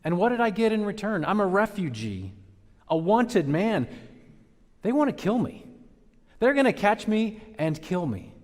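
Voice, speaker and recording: A man voicing an aggrieved, desperate prophet who complains loudly to God. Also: high-pitched, big pitch swings, a little slow, in a large hall, pitched above the performer's own voice. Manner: loud, pleading emphasis.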